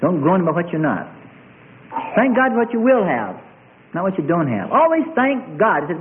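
A man preaching a rousing sermon, swinging from loud high cries to low murmurs. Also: huge pitch swings, fairly quick. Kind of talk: fiery sermon. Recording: tinny lo-fi phone-like sound.

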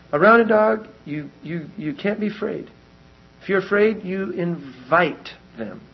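A man preaching a sermon, telling stories with lively animation and repeating lines for emphasis. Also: fairly high pitch, breathy edge. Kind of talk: sermon with personal storytelling. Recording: dull lo-fi recording.

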